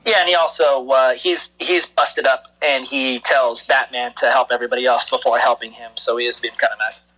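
A man's voice: medium pitch, steady tone, fairly quick, few pauses, sharp tone, low-quality recording. A man co-hosting a podcast, joking and laughing in casual chat. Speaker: podcast co-host.

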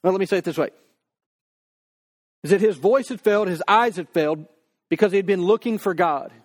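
A man with a high voice preaching a sermon in an easy, conversational way. He talks straight to the congregation and stretches his words out slowly whenever he voices a prayer. The delivery stays informal, full of restarts and asides. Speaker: pastor.

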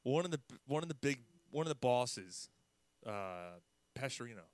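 A man telling prank stories in casual chat, animated, with loud mimicked outbursts. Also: mid-range voice, moderate pace, no echo. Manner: animated storyteller, loud mimicked outbursts, laughs mid-story.

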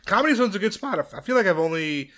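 A man hosts his podcast in a loose, laid-back way and drops casual swear words. His voice sits a little high, and the pitch swings widely as he talks. His lines are quick reactions and relaxed questions. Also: a little hiss or hum. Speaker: podcast host and comedian.

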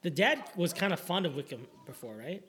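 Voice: medium pitch, very animated, a little fast, a bit bright, a little hiss or hum. A podcast co-host chatting casually during a watch-along, joking and rambling with lots of fillers.

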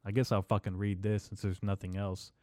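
A man's voice: lowish voice, level tone, a little fast, darkish tone, dry recording, clean studio sound. A man hosting a podcast, talking in a loose, profane, jokey comic monologue full of fillers. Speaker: podcast host.

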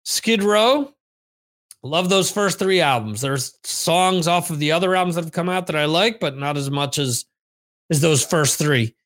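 A male podcast host rambles through his memories in a loose, unscripted monologue. His voice sits high for a man. He curses freely and often doubles back mid-sentence. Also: unhurried, fairly bright tone. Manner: rambling, profane storytelling. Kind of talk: casual monologue, answering listener questions. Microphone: on camera, streamed video.

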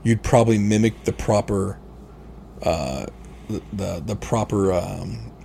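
A man's voice: on the low side, unhurried, gravelly, dark tone, slight background noise. A man co-hosting a casual podcast chat, explaining things in an opinionated way with frequent fillers and restarts. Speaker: podcast co-host.

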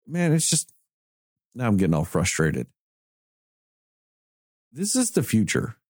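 A man in casual chat who rants with a lively, swooping voice and swears a lot. His sound is dry and close, with no room around it. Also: lowish voice, unhurried, no echo. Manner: animated ranting, heavy swearing.

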